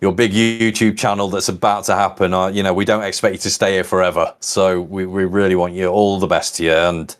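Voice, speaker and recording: A man's voice: sits low, level tone, brisk, hardly any pauses. A man, co-founder and host, chatting casually and rambling with plenty of "you know". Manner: rambling, warm-hearted, lots of "you know". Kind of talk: casual livestream chat.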